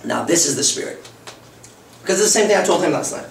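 A man's voice: on the high side, lively intonation, fast talker, gravelly. Guy in his 30s lecturing live, swears a lot, talks straight, echoey room, faint hiss behind. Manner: blunt, profane, conversational. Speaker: dating coach. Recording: roomy, far from the mic.

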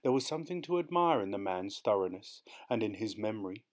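A man narrating a short story as an audiobook in a steady, measured way. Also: fairly low pitch.

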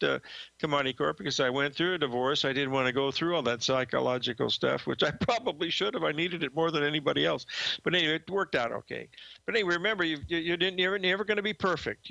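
A man's voice: fairly high pitch, vocal fry, pushed and bright, dry recording, highs cut off. An older man hosting a market show, talking in a folksy, rambling way with many fillers and restarts. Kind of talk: casual trading talk. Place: studio desk.

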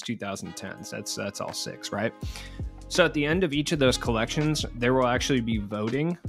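A man's voice: medium pitch, fairly bright tone. Young guy chatting game news, lots of likes and ums, faint music under it. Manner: casual, rambling, filler-heavy with many "like"s. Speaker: gaming news YouTuber. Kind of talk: casual video game news commentary.

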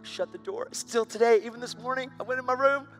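A man preaching a sermon, telling a story with animated energy and rising to loud, excited bursts. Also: very high-pitched, brisk, faint music behind.

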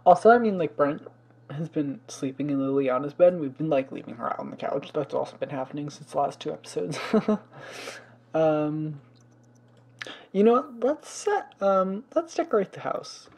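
A man's voice: fairly high pitch, animated, moderate pace, creaky, a little mellow. A young man hosting a life-sim let's play in casual commentary, chatty and fussy, exclaiming often and scolding the game's pets.

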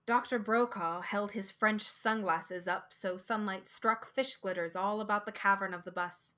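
A woman reading a short story aloud in a slow, expressive, dramatic way. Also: mid-range voice.

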